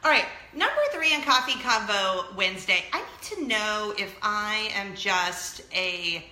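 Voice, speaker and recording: Lively, bright-voiced woman vlogger. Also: mid-range voice, a little slow, roomy sound. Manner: animated storytelling, often laughing. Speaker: vlog host. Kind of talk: casual chat to camera.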